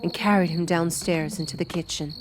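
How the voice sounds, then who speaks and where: A woman narrating a fantasy audiobook with an expressive storytelling delivery. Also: lowish voice, a little fast, a crowd in the background. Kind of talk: scripted narration.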